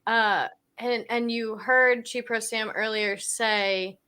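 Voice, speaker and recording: A woman hosts a live-stream video call and closes with an upbeat promotional pitch. Her voice is bright and slightly high. She keeps steering listeners toward links and free offers. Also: steady tone, slow, smooth. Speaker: host.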